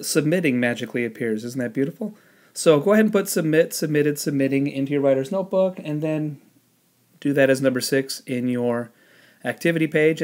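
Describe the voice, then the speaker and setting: A man teaching a spelling lesson, explaining the rules patiently step by step and pausing on the odd "um". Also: mid-range voice, darkish tone. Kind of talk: spelling lesson with classroom instructions.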